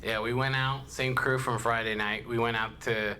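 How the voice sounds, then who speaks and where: A man hosting a casual podcast, loud and excitable, swearing freely. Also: mid-range voice, moderate pace, a little hiss or hum. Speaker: podcast host.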